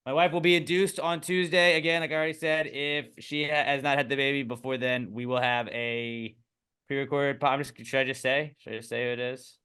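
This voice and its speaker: A man hosts a podcast in loose, rambling banter full of deadpan jokes. His voice is bright and carries well. His pitch stays in the middle. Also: brisk, clear, resonant tone. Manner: joking, rambling, deadpan asides. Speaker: podcast host.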